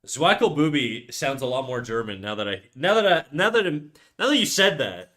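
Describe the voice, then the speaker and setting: A man's voice: fairly high pitch, sing-song, moderate pace. Rambling male streamer muttering while drawing. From Canada. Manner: rambling, chats with viewers, drops to quiet muttering while working. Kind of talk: casual livestream chat while drawing.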